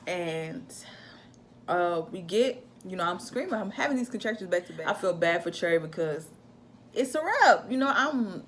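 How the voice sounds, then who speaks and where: A young woman casually telling a personal story to camera in an animated, chatty way. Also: fairly low pitch, normal speed, slight background noise. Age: young adult. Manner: animated, chatty, acts out her own shouts in quotes. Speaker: vlogger telling a birth story.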